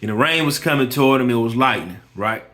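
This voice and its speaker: A man's voice: mid-range voice, animated, fast, fairly bright tone. A man who runs a lawn care business, giving a motivational personal talk. He speaks emphatically, often restarts and repeats phrases, and tells a story with quoted dialogue. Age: adult with kids. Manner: emphatic, repeats himself, keeps saying "listen here".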